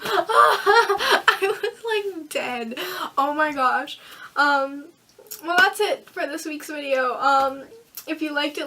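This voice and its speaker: A teenage girl tells a story to her camera in a casual, animated vlog, giggling and rushing through it with plenty of fillers. Her voice is high and bright. She sits a bit back from the microphone. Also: far from the mic. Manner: animated, giggly, breathless retelling with many fillers. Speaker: vlogger.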